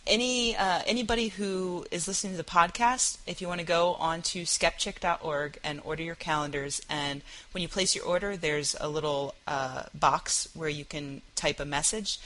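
A woman's voice: on the low side, moderate pace, few pauses, bright, forceful tone, poor audio. A woman co-hosting a podcast, chatting casually in a playful, teasing way and laughing often. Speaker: podcast co-host.

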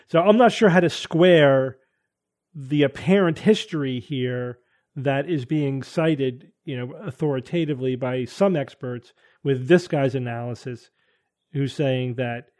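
A man's voice: mid-range voice, darkish tone. A man hosting a casual panel talk show, thinking aloud and hedging with frequent restarts. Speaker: podcast host.

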